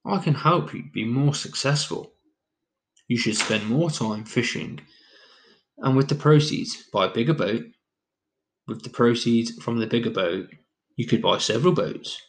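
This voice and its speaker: Scoffing CEO type read by a man in a parable; mid-pitched and close to the reader's own voice. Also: a little slow, long pauses, natural voice. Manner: plain storybook reading of quoted lines. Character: boastful scoffing male businessman, a CEO.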